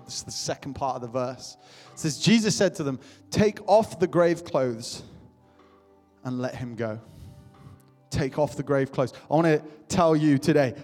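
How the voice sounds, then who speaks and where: In a church hall with long reverb and faint music behind him, a young adult pastor delivers an impassioned sermon, repeatedly calling out to his congregation. His voice is medium-pitched and a little mellow.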